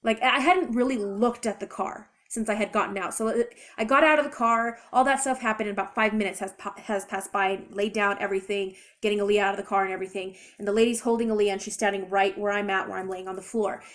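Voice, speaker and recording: A young adult woman retelling a personal story in a chatty, rambling, expressive way. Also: mid-range voice, fast, hardly any pauses. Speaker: vlogger. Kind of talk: casual storytime.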